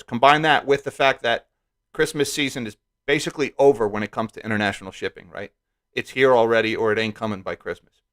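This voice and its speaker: A man's voice: mid-range voice, fairly bright tone. A man from rural Pennsylvania hosting a casual market commentary live stream, chatty, reading headlines aloud and often asking "right?". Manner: reads news headlines aloud.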